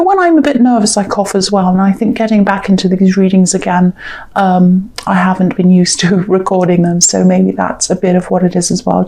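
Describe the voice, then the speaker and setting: A woman's voice: medium pitch, dark tone. A woman giving a casual tarot reading with a scratchy throat and recurring coughs, rambling and hedging as she talks. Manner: rambling and hedging, many "I think" and "um". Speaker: tarot reader.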